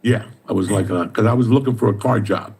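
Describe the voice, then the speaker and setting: Gravelly-voiced streetwise man. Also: lowish voice, fast talker, darkish tone. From New Jersey. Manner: streetwise, swears constantly, tells stories with mimicked dialogue. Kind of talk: profane casual storytelling.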